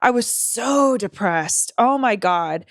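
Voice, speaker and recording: A woman's voice: fairly high pitch, lively intonation, slow pace, no room sound, studio quality. Candid, sweary woman podcast host. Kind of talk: casual chat.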